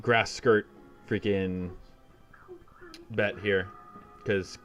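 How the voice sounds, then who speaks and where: A man's voice: lowish voice, level tone, extremely slow, fairly bright tone. A man making a casual, laid-back announcement to viewers of a live gaming stream. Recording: dull lo-fi stream audio with faint music.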